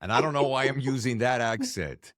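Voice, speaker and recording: A man's voice: medium pitch, a little fast, crowd noise. A man hosting an interview podcast, chatting casually and playfully. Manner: animated, jokey, slips into playful voices. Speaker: podcast host.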